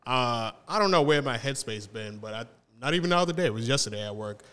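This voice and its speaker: A man's voice: mid-range voice, expressive, quick pace, bright, forceful tone, clear, resonant tone. A man co-hosting a casual chat show, telling stories in a laid-back way full of slang and swearing. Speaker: podcast co-host.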